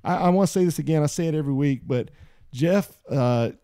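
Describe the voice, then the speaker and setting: A male podcast host talking in loose, casual chat. His voice is mellow and dark, recorded close and dry, and he leaps up in pitch for emphasis when he reads out listener posts. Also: brisk, no room sound. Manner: animated, jumps high in pitch for emphasis.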